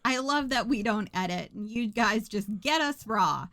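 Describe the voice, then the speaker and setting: A woman's voice: fairly high pitch, expressive, moderate pace, fairly bright tone. A woman co-hosting a podcast, recapping a film in a sarcastic, joking way and laughing often. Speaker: podcast co-host.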